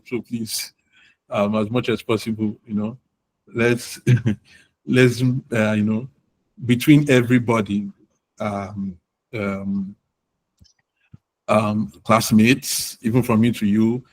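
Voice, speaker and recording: A man leads a live online class in a somewhat low voice. He is encouraging and relaxed, filling his pauses with "um" and "you know". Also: poor audio. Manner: encouraging, uses many fillers and "you know". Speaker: product management instructor.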